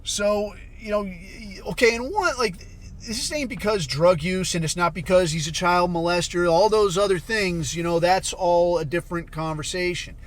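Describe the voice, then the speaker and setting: A man with a high-pitched voice speaks at a moderate pace as a podcast host. His casual commentary is a blunt, profane, sarcastic rant.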